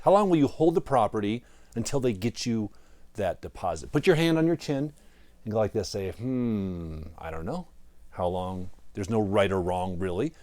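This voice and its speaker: A man hosting a property management advice video, talking straight to the viewer in a lively, emphatic way. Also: mid-range voice, dry recording. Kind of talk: direct-to-camera business advice.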